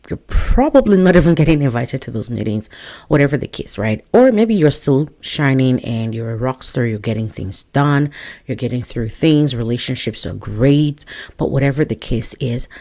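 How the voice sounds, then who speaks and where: A woman career coach talks straight to the camera. She is chatty and animated, and she drops joking asides into her advice. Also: rumbling low, moderate pace. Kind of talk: direct-to-camera advice talk.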